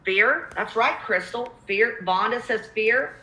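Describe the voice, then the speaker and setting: Bright-voiced Southern woman coaching. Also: a little high, slow pace, roomy sound, rough recording. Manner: emphatic, repeats key points. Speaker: real estate cold-calling coach. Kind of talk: live coaching webinar.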